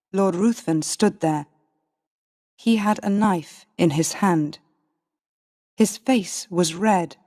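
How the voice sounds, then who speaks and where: A woman narrating a storybook in a slow, careful reading for English learners. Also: mid-range voice, a little mellow. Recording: long reverb.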